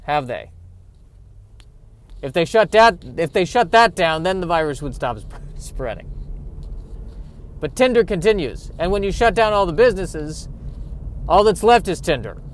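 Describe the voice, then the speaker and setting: Pitched high and sing-song, the man speaks at a moderate pace. He's a podcast host rambling to himself on a drive, a casual monologue full of self-mocking jokes.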